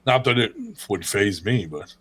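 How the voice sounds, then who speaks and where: A man's voice: on the low side, expressive, moderate pace, fairly bright tone. A man co-hosting a live stream, joking around in a crude, rambling way. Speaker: co-host. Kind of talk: casual live-stream chat.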